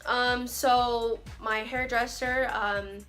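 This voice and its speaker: A woman's voice: a little high, steady tone, very slow, fairly bright tone, soft background music. A young woman vlogger telling a dramatic, chatty story with slangy asides. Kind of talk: storytime vlog.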